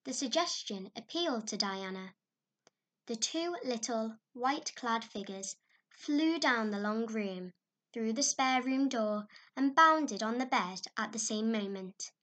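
A woman narrating a classic story in a measured, expressive way. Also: on the high side. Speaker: audiobook narrator. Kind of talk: scripted narration.

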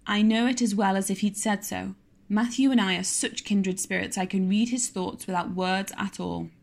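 A woman's voice: medium pitch, fairly even intonation, normal speed, creaky, natural voice. A woman voicing a talkative, imaginative young girl who speaks eagerly and dramatically in an audiobook reading. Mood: confident.

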